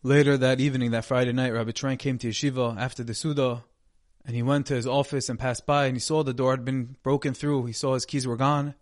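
Man, mid-pitched, earnest sermon storyteller, dry close mic. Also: level tone, brisk, dry recording. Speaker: speaker giving a Torah talk.

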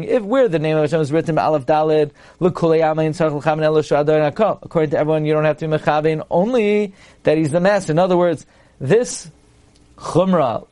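Male rabbi lecturer, slightly high voice, explanatory Torah-class delivery. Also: darkish tone. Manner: explanatory, reads Hebrew text then translates, frequent restarts. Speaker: rabbi teaching halacha.

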